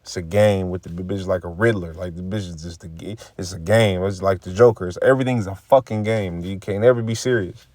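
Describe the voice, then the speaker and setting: A man with a fairly low voice gives casual religious commentary, reading scripture and riffing on it in a preachy, profane way. He repeats phrases and acts out quoted remarks. The recording is dry and close. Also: steady tone, a little fast, few pauses, darkish tone, no echo.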